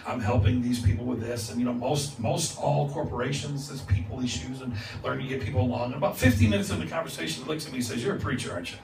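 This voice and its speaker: A man's voice: medium pitch, fast, creaky, hardly any pauses, a little mellow. Storytelling male preacher in echoey church. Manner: conversational, acts out dialogue with laughs. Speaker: guest preacher. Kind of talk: storytelling sermon. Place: church sanctuary. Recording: echoey church from far off with noise.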